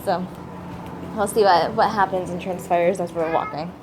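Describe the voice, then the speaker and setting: A woman's voice: fairly low pitch, fairly even intonation, normal speed, noisy background. A woman who is a mother, talking casually at home in a vlog, venting and acting out people in her stories. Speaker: vlogger and mother. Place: at home, indoors.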